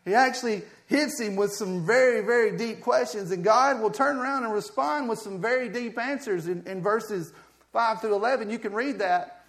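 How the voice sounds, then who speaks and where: A man preaching a sermon in a conversational way, moving from quiet asides to loud, pleading passages, often repeating words as he builds up. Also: sits high, normal speed. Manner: swings from soft asides to loud impassioned pleading. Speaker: pastor.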